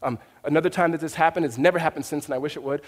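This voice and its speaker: Pastor preaching in an echoing hall. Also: male voice, fairly high pitch, racing. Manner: conversational, with fillers and restarts; rising to an emphatic, raised voice. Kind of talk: sermon.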